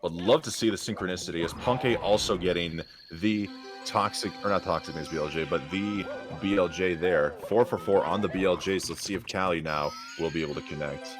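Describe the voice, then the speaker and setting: A man giving energetic, joking live play-by-play commentary on a speedrun race. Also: low voice, brisk. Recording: music playing behind.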